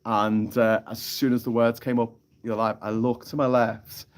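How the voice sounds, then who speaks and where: A man's voice: mid-range voice, little pitch movement, normal speed. A man hosting a casual live stream, telling a rambling story with frequent laughs and some swearing, speaking into a phone outdoors on an island.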